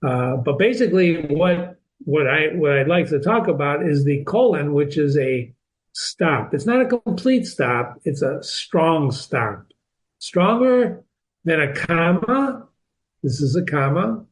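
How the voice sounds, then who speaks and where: A man's voice: a little high, big pitch swings, slow pace, poor audio. A man hosting a reading lesson who explains a novel step by step, repeating and restarting words as he stresses key points. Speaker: literature teacher and channel host.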